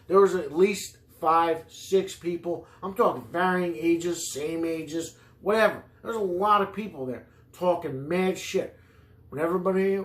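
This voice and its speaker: A man's voice: on the high side, echoey room. A man hosting a podcast in a rambling, improvised comedy monologue, swearing freely and jumping from one tangent to the next. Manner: profane, rambling, digressive. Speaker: podcast host.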